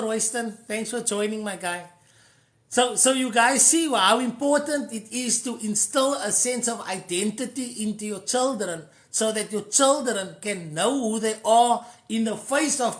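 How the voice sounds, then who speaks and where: A man with a South African accent talks earnestly to his live-stream viewers and drops Afrikaans phrases into his advice. His voice has a bright, forward edge. The echo of a hard room rings around him. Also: high voice, unhurried. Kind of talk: casual advice talk to a live audience.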